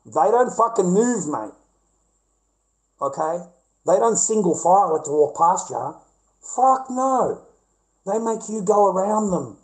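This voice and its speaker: A man's voice: sits high, animated, unhurried, low-quality recording. A middle-aged Australian man ranting bluntly and profanely in casual talk to his viewers.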